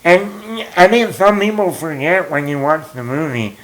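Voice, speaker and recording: A man's voice: a little high, steady tone, measured pace, fairly bright tone, low-quality recording. A man hosting a movie talk show, rambling casually as he retells scenes and quotes lines with chuckles.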